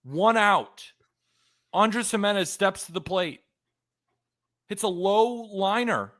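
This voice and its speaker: A man hosting a live sports podcast, reacting excitedly and rambling after a game. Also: very high voice, unhurried.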